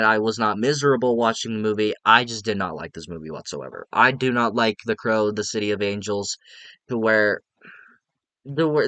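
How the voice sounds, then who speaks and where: A male film reviewer chatting casually to his viewers, circling back to the same points and chuckling at what he criticizes. His voice is bright and crisp, and the recording is dry, with no room sound. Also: medium pitch, no echo. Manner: rambling, repeats himself, laughs at what he reviews.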